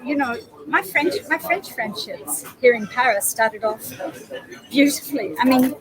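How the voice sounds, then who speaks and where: A woman's voice: sits high, measured pace, a crowd in the background, rough recording. A woman, a guest on a casual webinar, telling stories in a reflective way and laughing easily. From Australia. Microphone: video call.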